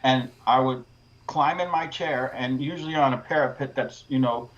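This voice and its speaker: A man's voice: medium pitch, moderate pace, highs cut off. Laid-back middle-aged storytelling man. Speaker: podcast guest, rope access window cleaner. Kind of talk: casual chat.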